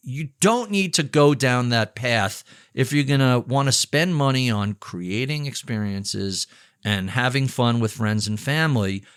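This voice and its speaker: A middle-aged man answering interview questions, telling lively, jokey stories about spending and investing. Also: medium pitch, no room sound, studio quality. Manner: animated storyteller, jokey asides, conversational. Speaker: author and investment firm chief.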